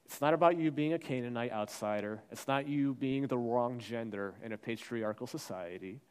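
A man preaches to a congregation at a middle pitch. He acts out the voices in the story and moves between hushed, slow lines and loud, quick ones. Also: clean tone. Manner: dramatic, acts out quoted voices, shifts from soft to loud. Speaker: pastor. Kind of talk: sermon.

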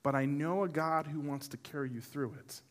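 A middle-aged man, a pastor preaching to a church congregation, telling a personal story with humor and animation, then turning softer and earnest. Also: on the high side, normal speed. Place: church service before a congregation.

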